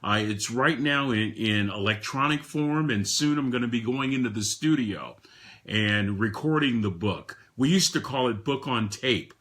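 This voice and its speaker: A man in his sixties giving a motivational talk to a live audience, emphatic, with frequent repeated words and swings between soft and loud. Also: medium pitch, moderate pace. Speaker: motivational speaker.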